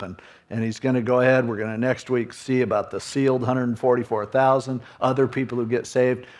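Man, pastor, sermon, conversational, animated, acts out quoted voices. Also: mid-range voice.

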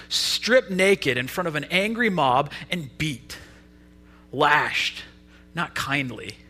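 A young adult man preaching a sermon, retelling a story in a casual, lively way. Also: high voice.

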